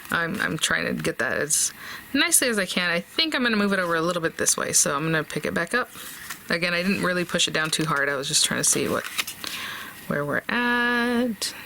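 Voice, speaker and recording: A woman's voice: lowish voice, animated, a little fast, vocal fry, pushed and bright, a little hiss or hum. Chatty woman hosting a crafting tutorial. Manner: chatty, thinks aloud with fillers and small laughs.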